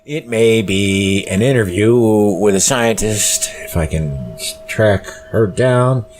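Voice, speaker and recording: A weary man with a low voice hosts a solo podcast, rambling casually and stopping often for fillers. He sounds plainly tired, and faint music runs in the background. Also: a little mellow. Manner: rambling, slow, full of fillers. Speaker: podcast host.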